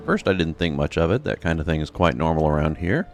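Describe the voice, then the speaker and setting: A man's voice: extremely low pitch, lively intonation, quick pace, soft background music. A man reading out a game's dialogue while voicing a chatty, dramatic townswoman who witnessed a crime. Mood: storytelling. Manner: chatty, dramatic, pious exclamations. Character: gossipy upset townswoman, a witness. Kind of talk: reading game dialogue aloud.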